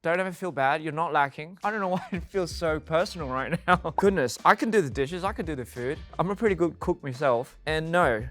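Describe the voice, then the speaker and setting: A man's voice: a little high, expressive, brisk, hardly any pauses, a bit bright, faint music behind. A man reading fan tweets aloud and reacting to them, amused and playful and laughing often.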